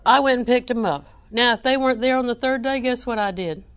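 A woman preacher, delivering a sermon with animated emphasis that rises to near-shouting. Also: fairly high pitch, a little fast, smooth, no room sound.

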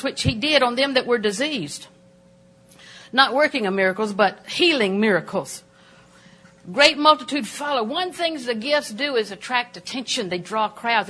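An older woman preaching a sermon in a church auditorium, animated and emphatic, with sudden jumps in pitch.

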